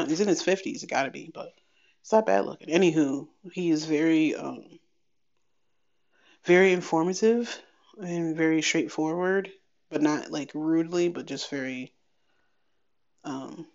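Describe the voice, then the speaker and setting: A woman giving a candid personal update on her podcast, chatty and wry, acting out bits of a conversation in quick animated bursts. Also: deep voice, gravelly. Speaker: podcast host. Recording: slightly dull lo-fi sound.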